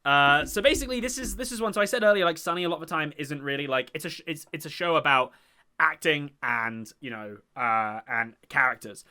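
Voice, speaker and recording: A man's voice: on the high side, a little fast, bright, forceful tone, clean tone. A young man hosting a casual chat about a TV show, enthusiastic and rambling with many fillers. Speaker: podcast host.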